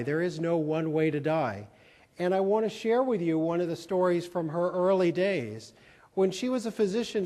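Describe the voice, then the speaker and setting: A man's voice: sits high, warm tone. A man giving a folksy, humorous storytelling talk to a conference audience. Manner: folksy, humorous, with quoted voices. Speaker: keynote speaker. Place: large conference hall. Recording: reverberant hall.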